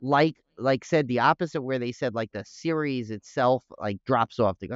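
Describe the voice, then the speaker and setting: A man rambles through a casual podcast chat, full of restarts and fillers. His voice is smooth and resonant. The recording is dry and a little dull. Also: mid-range voice, normal speed, no room sound. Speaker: podcast co-host.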